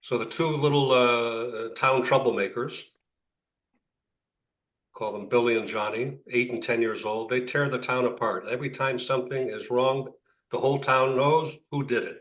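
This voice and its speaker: In an echoey room with a distant mic, a rabbi runs an interactive class, cracking jokes and repeating words while he thinks. He speaks at a medium pitch and moderate pace, with a steady, slightly bright tone.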